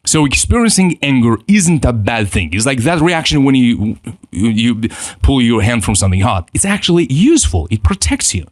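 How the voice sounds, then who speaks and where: A man giving a spoken self-improvement course lesson, talking in an animated way, acting out inner voices and often restarting his sentences. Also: medium pitch, moderate pace, dry recording.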